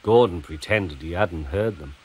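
A man narrating a children's engine story in an expressive storytelling manner. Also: low-pitched, moderate pace, breathy edge. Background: background music.

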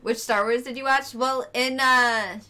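A woman's voice: on the high side, steady tone, a little slow, sharp tone, clear, resonant tone. A woman streaming herself playing a video game, chatting casually with viewers and friends in the room.

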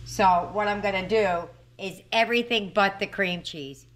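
A woman's voice: mid-range voice, normal speed, a bit bright, a little hiss or hum. A middle-aged woman hosting a home cooking video, chatting and thinking aloud as she cooks. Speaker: cooking channel host. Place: home kitchen.

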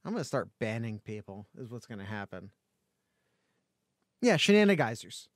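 A man's voice: mid-range voice, sing-song, moderate pace, no echo, clean studio sound. A man co-hosting a casual sports podcast over a call, joking and rambling with many restarts. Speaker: podcast co-host. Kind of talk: casual chat.

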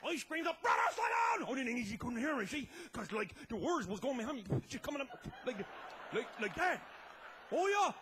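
A man telling a tall tale as a comedy monologue, loud and laughing, often breaking into shouts. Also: extremely high pitch, animated, fairly quick, slightly rough. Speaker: comic storyteller.

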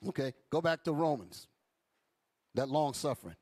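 A man's voice: on the high side, expressive, moderate pace, darkish tone. A man teaching a Bible class in an emphatic preaching style, calling out to his listeners. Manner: emphatic, calls out to the audience.

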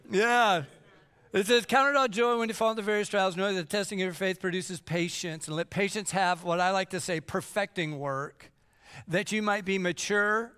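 A man's voice: sits high, clean tone. A middle-aged man preaching a sermon as pastor, joking and acting out whiny kids between Bible readings. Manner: jokey, animated, acts out kids whining. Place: church sanctuary. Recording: long church hall reverb.

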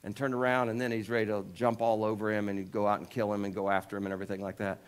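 A man's voice: level tone, rapid-fire, clean tone. A male pastor preaching a sermon, retelling scripture in a casual storytelling way with jokes and asides, raising his voice when he quotes the people in the story. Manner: lifts pitch and volume when voicing quoted figures.

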